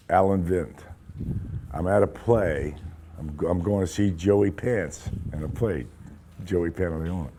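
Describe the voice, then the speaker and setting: An older man, an actor, telling animated, profane anecdotes in an interview and acting out the quotes. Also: deep voice, slight background noise.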